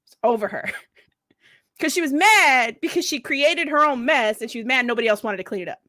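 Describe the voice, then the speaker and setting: A woman's voice: sits high, moderate pace, sharp tone, no room sound, clean studio sound. A woman in her thirties, a veteran and mother, telling candid stories at a mental health event in a blunt, profane way, often laughing. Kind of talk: candid storytelling.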